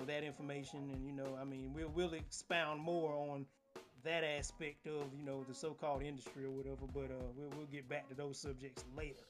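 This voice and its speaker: A laid-back man co-hosts a podcast in a fairly high voice, laughing along and riffing on jokes. Faint music sits under the talk. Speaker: podcast co-host. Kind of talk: casual chat.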